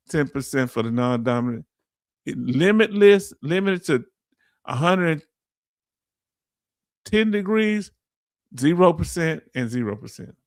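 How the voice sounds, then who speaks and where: A man from the Southern United States, with a fairly high pitch, hosts a casual livestream where he reads out comments from viewers and explains things in easygoing, chatty language. The audio is studio quality with no room sound.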